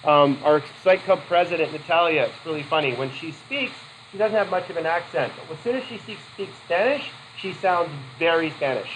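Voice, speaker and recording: A man's voice: fairly high pitch, a little fast, few pauses, fairly bright tone, slight background noise, poor audio. A man teaching a psychology class in a loose, conversational lecture, quizzing students with questions and adding casual asides. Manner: loose, self-correcting delivery with asides.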